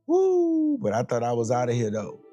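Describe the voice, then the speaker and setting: A man's voice: mid-range voice, flat delivery, fast, warm tone, highs cut off, soft background music. A man preaching in a conversational, colloquial way, telling dramatic stories and acting out every scene. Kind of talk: sermon storytelling.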